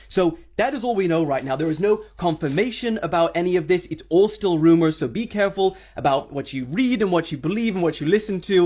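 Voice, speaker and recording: Husky-voiced man giving a cautious news update. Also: sits high, animated, fairly quick, few pauses, a little mellow. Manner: earnest, cautioning viewers. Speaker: news commentator. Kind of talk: casual news update to camera.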